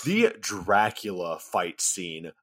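A man's voice: low-pitched, very animated, slow pace, a bit bright, husky. A man co-hosting a podcast in casual movie-review chat, sarcastic and profane. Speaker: podcast co-host.

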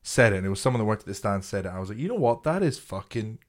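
A man, co-hosting a casual comedy chat, swearing freely and telling stories in quick, restarting bursts between laughs. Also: fairly low pitch. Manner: sweary, laughing, animated storyteller; talks in quick bursts, restarting and repeating himself. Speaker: podcast co-host, comedian.

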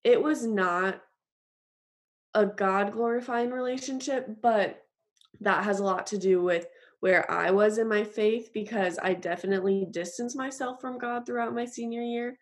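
This young woman tells an earnest personal faith story in an interview. She speaks at a moderate pitch and keeps stopping to fill pauses. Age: young adult. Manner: earnest, halting, with frequent fillers. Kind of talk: personal testimony.

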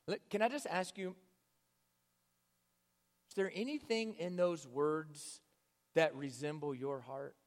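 A male preacher with a fairly high voice delivers an impassioned sermon. He swings between loud, urging calls and hushed, almost whispered phrases. A long reverb trails his words through a large hall. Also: slow, long pauses. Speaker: pastor.

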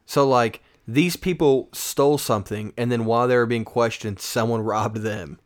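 A man's voice: medium pitch, normal speed. Man podcast co-host, casual, jokey, reads stories with tangents. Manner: joking, reads stories aloud with asides. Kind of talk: casual chat reading news stories.

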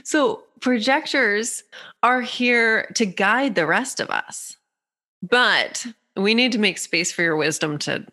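Give me a woman podcast guest explaining things playfully with lively examples. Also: medium pitch, slow. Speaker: guest, human design reader. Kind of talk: podcast conversation.

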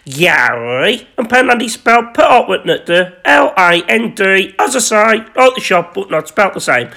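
A man hosting a podcast, reading his own erotic story in a rambling, crude, self-important deadpan. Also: sits high, slow, vocal fry. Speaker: podcast host.

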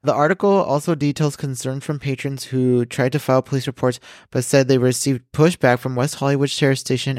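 Animated swearing male podcast co-host. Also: medium pitch, moderate pace, gravelly, dry recording, studio quality. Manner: animated, swears a lot, acts out quotes loudly. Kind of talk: casual chat, reading news and storytelling.

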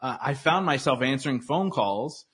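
A man's voice: mid-range voice, lively intonation, normal speed, a bit bright, slightly rough. A man talking as a podcast guest in casual interview chat, earnest and motivational, with lots of likes and restarts. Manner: earnest, motivational, filler-heavy.

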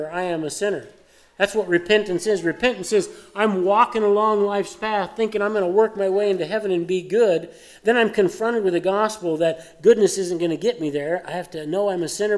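A male preacher teaching through scripture in a sermon. He talks in a conversational but emphatic way, punching key points and dropping to quiet asides. His voice sits a little high for a man. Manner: emphatic, conversational, swinging from loud to hushed asides. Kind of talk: sermon, verse-by-verse Bible teaching.

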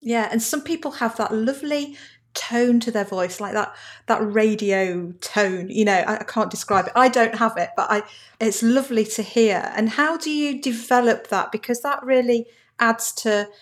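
A woman's voice: fairly high pitch, normal speed. A woman hosting an interview show, chatting openly and sharing her own stories. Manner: chatty, shares personal anecdotes. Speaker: show host. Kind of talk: conversational interview.

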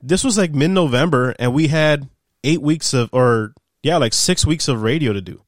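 A man's voice: fairly high pitch, moderate pace, dry recording, clean studio sound. A young man, a podcast guest, casually telling stories from his radio days, swearing freely and acting out what people said. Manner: animated, swears freely, acts out quoted dialogue. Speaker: podcast guest, former sports radio producer. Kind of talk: casual storytelling chat.

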